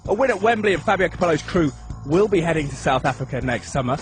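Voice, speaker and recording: British man, sports reporter, slightly high voice, out of breath, music bed behind. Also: expressive, fast. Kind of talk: radio sports bulletin.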